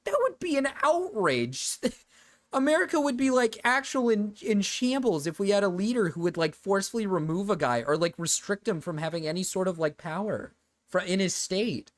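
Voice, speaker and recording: Woman streamer, loose profane rambling reactions, middle pitch. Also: lively intonation, moderate pace. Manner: rambling and profane, with frequent laughter. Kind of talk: casual reaction commentary.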